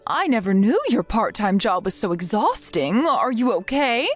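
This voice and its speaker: A woman's voice: medium pitch, sing-song, moderate pace. A woman voicing a stern, protective older grandmother who reads out text messages in a firm, reproachful way. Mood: worried. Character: stern, protective grandmother scolding her son. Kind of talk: text-message story read aloud. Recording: soft music behind the voice.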